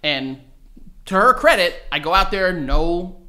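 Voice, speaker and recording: High, bright-voiced man telling a story. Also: expressive, a little slow. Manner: rambling, profane, laughing through the story. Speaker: podcast co-host. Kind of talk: casual storytelling chat.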